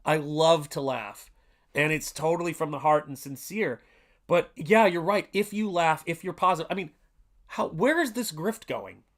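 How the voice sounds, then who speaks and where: A man's voice: fairly high pitch, fairly even intonation, normal speed, fairly bright tone. A man in his forties hosting a casual art livestream, talking earnestly and rambling with many restarts and fillers. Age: 40s. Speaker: artist livestream host.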